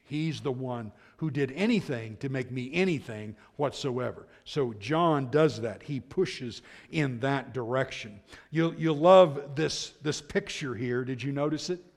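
A man preaching a sermon as pastor, swinging between loud emphatic lines and hushed asides. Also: medium pitch, a little slow, hardly any pauses. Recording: long hall reverb.

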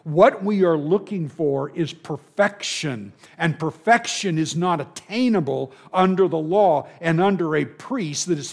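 A man preaching a sermon, building to emphatic peaks and dropping to quiet asides as he reads and explains scripture. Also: fairly high pitch, creaky. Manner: emphatic, swings between rising intensity and quiet asides.

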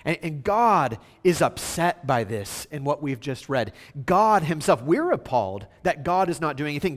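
A man preaching a sermon, swinging between hushed, slow passages and loud, emphatic outbursts. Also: a little high, sing-song, in a large hall. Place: church sanctuary.

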